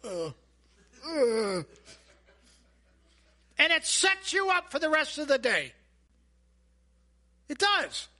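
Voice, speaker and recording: A man preaching a sermon as a pastor, animated and asking the congregation questions. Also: very high voice, takes it slowly, long pauses. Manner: animated, acts out voices and asides; asks the audience questions.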